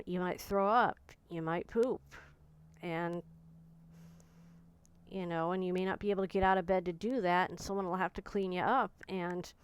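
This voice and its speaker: Smooth-voiced woman in her forties, reflective. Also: medium pitch. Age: 40s. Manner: soft, searching, halting speech with frequent restarts. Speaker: vlogger. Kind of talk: personal reflective monologue.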